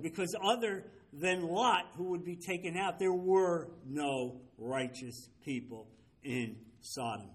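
A man's voice: on the high side, husky. A man teaching a Bible study, emphatic, often checking with his listeners through rhetorical questions.

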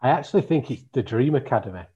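A man's voice: medium pitch, lively intonation, fast, warm tone, slightly rough. A man joining a casual football podcast as a guest, laid-back and wry. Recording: slightly dull lo-fi sound.

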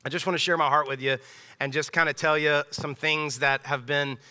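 A man in his thirties preaches in a conversational, emphatic way, doubling back on his words as he goes. His voice is very bright and smooth, a bit above the usual pitch for a man. The sound carries a long reverb from the church sanctuary. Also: steady tone, fairly quick. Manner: conversational, emphatic, with frequent restarts. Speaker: pastor. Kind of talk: casual sermon.

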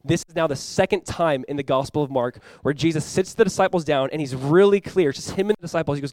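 A young adult man preaching a sermon as pastor, animated and acting out playful voices for the disciples. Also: on the high side, fast talker, few pauses, no echo.

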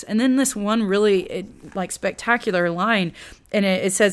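A woman teaching the Bible in a casual, conversational way, with slangy asides and lively retellings. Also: medium pitch, moderate pace.

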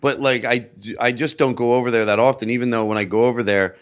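A man hosting a relaxed comedy chat, thinking out loud with frequent pauses and fillers. His voice sits in an ordinary middle range. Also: mid-range voice, smooth. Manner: rambling, hesitant, many fillers. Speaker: podcast host, comedian. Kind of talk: casual chat.

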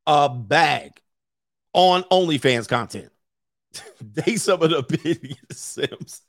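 Man, 30s, commentary host, brash, joking, lively pitch, dry close sound. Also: slow pace, dry recording. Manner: brash, joking, laughs often. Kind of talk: casual commentary rant.

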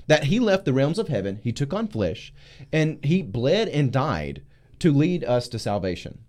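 A pastor talking through scripture in a casual discussion, acting out biblical figures with loud, slow emphasis. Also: male voice, medium pitch. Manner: animated, acts out voices of biblical figures loudly and slowly. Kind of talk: preaching in a casual group discussion.

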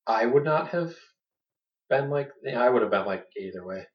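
A podcast co-host with a mid-range, animated voice chats casually about fantasy football at a moderate pace. He's playful, laughs often, and puts on mocking voices, and the recording sounds dull and lo-fi, with him a bit off-mic and distant.

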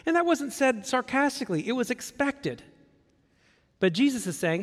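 A man preaching a sermon as pastor, conversational and animated. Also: very high-pitched, moderate pace, in a large hall. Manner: conversational, animated, acts out quoted voices.

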